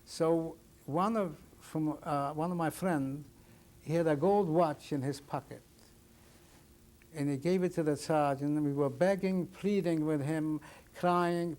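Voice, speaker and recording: A man in his sixties giving oral history testimony as a survivor, telling his story plainly and haltingly, often restarting his sentences. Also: fairly high pitch, a little mellow. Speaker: Holocaust survivor interviewee.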